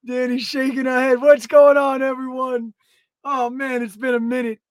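Excitable high-voiced man in his thirties. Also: moderate pace, no echo. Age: 30s. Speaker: podcast co-host. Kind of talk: casual podcast banter.

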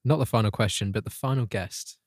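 A man's voice: on the low side, brisk, dry recording, studio quality. A man co-hosting a podcast in casual, playful chat. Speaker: podcast co-host.

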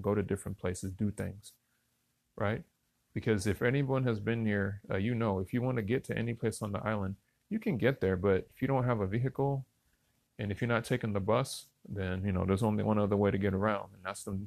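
A middle-aged man casually telling a personal story in a relaxed, conversational way, talking straight to his listeners. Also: fairly low pitch, fairly quick, vocal fry, no room sound. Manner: relaxed, conversational, addresses listeners as y'all and fellas.

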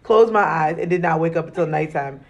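A woman from Arizona in casual chat, telling an animated, slangy story and laughing often. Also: low voice, a little fast, dull audio.

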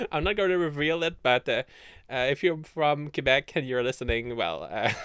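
A man's voice: medium pitch, fairly bright tone, clean tone, dry recording, clean studio sound. A young man from Canada chatting on his podcast from bed, giggling often, rambling and swearing. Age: young adult. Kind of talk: casual solo chat.

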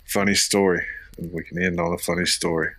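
A man's voice: sits low, sing-song, brisk, creaky, fairly bright tone, no room sound. A man in his thirties from Florida, co-hosting a podcast and telling rambling family anecdotes with lots of fillers and restarts. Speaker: podcast co-host. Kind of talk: casual storytelling chat.

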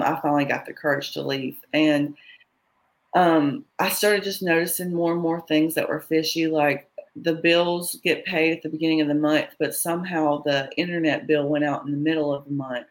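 A woman sharing her own story in an interview, candid and halting, with many fillers and quoted dialogue. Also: deep voice, steady tone, poor audio. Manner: often quotes others in dialogue. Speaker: interview guest. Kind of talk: personal story in conversation.

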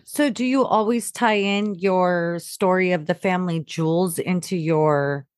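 Unhurried, giggly woman host. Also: on the low side, dry recording, studio quality. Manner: giggly, quick interjections. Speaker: podcast host. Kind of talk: casual podcast chat.

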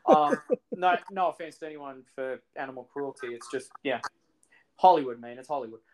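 A man's voice: mid-range voice, brisk, darkish tone, low-quality recording. A man co-hosting a casual podcast, recounting movie scenes with enthusiasm and plenty of swearing. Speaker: podcast co-host. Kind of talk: casual chat.

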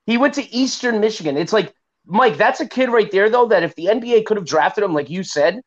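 A man's voice: high voice, lively intonation, fairly quick. A man co-hosting a casual sports chat, talking loosely with lots of "like". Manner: chatty, filler-heavy. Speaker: podcast co-host. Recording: dull lo-fi sound.

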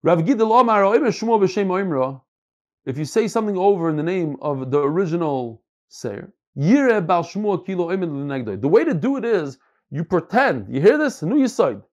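Animated man teaching Talmud. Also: high voice, muffled recording. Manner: animated, repeats words while searching for phrasing. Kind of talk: Talmud class, reading and explaining.

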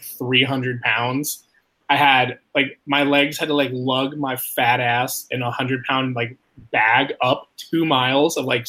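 A young man telling a story casually, rambling and swearing, filling his talk with "like" and jumping up in pitch when he quotes himself. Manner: rambling, profane, heavy use of "like"; animated, jumps high when quoting himself.

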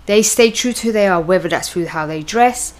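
A woman's voice: mid-range voice, brisk. A British woman, co-hosting a podcast in blunt, teasing casual chat. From Britain. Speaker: podcast co-host.

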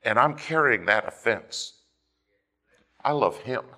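A man preaching a fervent sermon, swinging between loud emphasis and hushed asides as he tells a story. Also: mid-range voice, lively intonation, slow. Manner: storytelling with quoted dialogue.

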